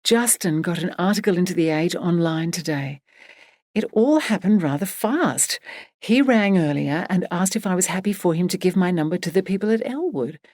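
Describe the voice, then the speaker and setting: A woman voicing an excitable young woman artist in a storybook, talking in a rushed, rambling way. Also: on the low side, no room sound, studio quality. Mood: chatty.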